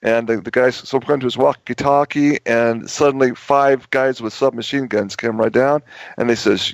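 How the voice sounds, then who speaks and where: A man's voice: mid-range voice, fairly even intonation, moderate pace, vocal fry, no room sound. A man hosting a talk show, telling a long story in a rambling way with many restarts and repeated words. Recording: dull lo-fi audio.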